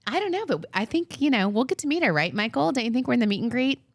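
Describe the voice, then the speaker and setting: Excitable woman telling stories, dry sound. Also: fairly high pitch, quick pace, no room sound. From Long Island, New York. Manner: excitable, animated storyteller. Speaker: podcast co-host. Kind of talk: casual chat.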